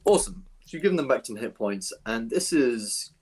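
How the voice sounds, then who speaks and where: A man narrating as dungeon master, relaxed and descriptive, thinking aloud with fillers. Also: mid-range voice, moderate pace, slight background noise. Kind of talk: narrating a tabletop game.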